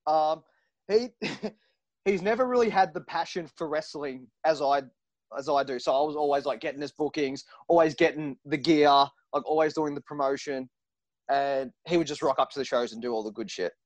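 A man's voice: fairly high pitch, moderate pace, no room sound. A man who wrestles for a living, telling stories in a casual interview. He swears freely and acts out what other people said. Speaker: professional wrestler guest. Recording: dull lo-fi recording.

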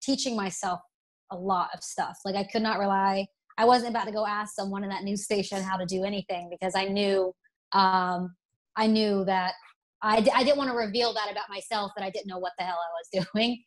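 A young woman from Alabama with a faint Southern accent, chatting candidly as an interview guest, self-deprecating and quick to restart her sentences. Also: mid-range voice, steady tone. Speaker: interview guest, broadcast presenter. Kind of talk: casual interview.

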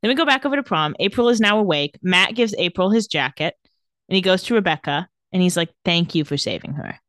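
Recapping a TV episode on a casual podcast, this female co-host speaks in a lowish, animated voice with a fairly bright tone. She jokes her way through scenes in a quick, offhand manner with laughs, in a dry recording with clean studio sound.

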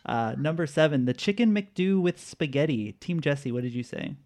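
A man's voice: fairly high pitch, lively intonation, moderate pace, darkish tone. Laid-back man hosting a quiz game. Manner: laid-back, laughs often, reads answers out. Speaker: quiz host. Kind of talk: casual group game chat.

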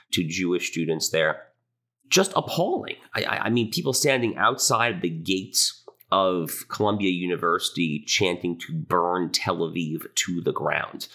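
A man's voice: low-pitched, sharp tone. A man hosting a podcast, delivering an indignant, impassioned opinion monologue. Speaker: podcast host.

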